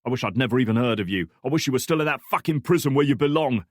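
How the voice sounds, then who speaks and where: Brief: explosive, snarling tough guy, loud and raised, read by a male narrator. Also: medium pitch, expressive, rapid-fire, no room sound, clean studio sound, pitched above the performer's own voice, natural voice. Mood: furious. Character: furious hardened male operative.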